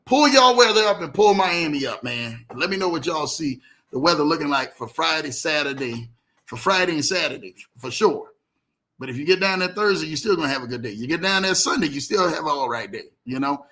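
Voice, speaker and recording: A man hosting a casual livestream, animated, greeting viewers by name and telling stories in loose slang. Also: a little high, fairly quick. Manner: animated, reads out viewer comments, Southern US slang. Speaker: livestream host.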